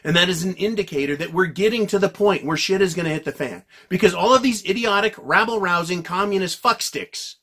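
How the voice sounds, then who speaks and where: Husky man ranting angrily to camera. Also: high-pitched, fairly quick, few pauses. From United States. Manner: yells and vents angrily, heavy swearing. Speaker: political commentary vlogger. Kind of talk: ranting monologue to viewers.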